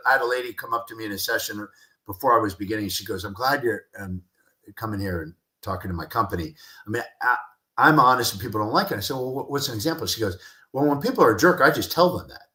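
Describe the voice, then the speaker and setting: A man's voice: medium pitch, lively intonation, racing, sharp tone. Passionate man talking in an echoey room. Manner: passionate, repeats key phrases for emphasis. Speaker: guest, communication expert and speaker. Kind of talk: animated interview talk with acted-out anecdotes.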